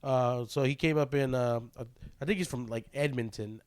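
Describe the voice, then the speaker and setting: A man's voice: mid-range voice, normal speed, clear, resonant tone. A young man co-hosting a casual podcast, rambling through his points with many fillers and restarts, often laughing and swearing. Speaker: podcast co-host.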